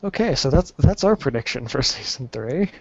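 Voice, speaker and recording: A man's voice: medium pitch, lively intonation, normal speed, slightly rough. A man in casual chat, laid-back and often stumbling over his words. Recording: dry, muffled lo-fi recording.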